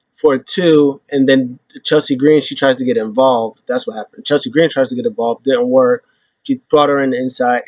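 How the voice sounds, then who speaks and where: A man hosting a casual wrestling recap, retelling events in an animated way and acting out the quotes. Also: mid-range voice, dry recording. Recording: dull lo-fi sound.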